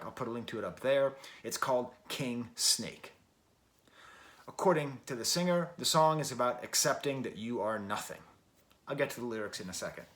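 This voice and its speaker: A man's voice: medium pitch, a bit bright. Chatty American man reviewing an album. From Western New York, USA. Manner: rambling and chatty, with frequent self-corrections and wry asides. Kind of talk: casual spoken album review.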